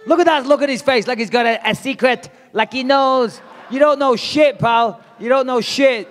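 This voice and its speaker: A man's voice: very high-pitched, moderate pace, a bit bright. A man trash-talking at a press conference, brash, profane and taunting. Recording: long hall reverb.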